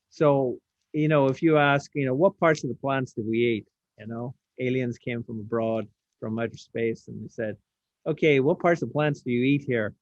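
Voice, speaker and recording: A man's voice: medium pitch, no room sound. A man teaching a science practical over a video call, casual, asking the class questions as he demonstrates. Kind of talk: online science lesson. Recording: dull lo-fi sound, dry.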